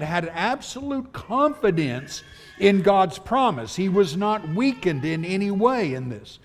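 Male preacher, slow and animated, long church reverb. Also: high-pitched. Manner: earnest, emphatic, reads scripture slowly. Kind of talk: sermon. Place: church auditorium.

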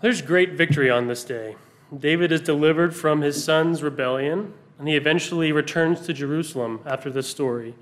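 A man preaching a sermon, earnest, pausing for emphasis as he reads scripture aloud. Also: on the high side, a bit bright.

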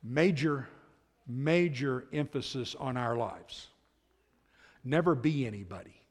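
A man preaching a sermon as pastor, swinging between loud emphatic lines and hushed asides. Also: mid-range voice, animated, takes it slowly. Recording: long hall reverb.

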